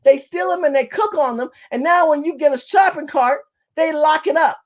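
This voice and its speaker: A high-pitched woman from California delivers a fiery political monologue as a community activist. She talks quickly and forcefully, hammering her points home by saying them again and again. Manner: fast-talking, forceful, repeats phrases for emphasis.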